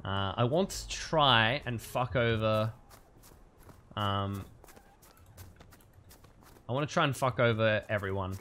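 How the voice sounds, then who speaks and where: A man's voice: fairly low pitch, slow, long pauses, pushed and bright. A man streaming a game, giving cheeky, scheming commentary with chuckling asides. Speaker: streamer playing a social deduction game. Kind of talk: gameplay commentary.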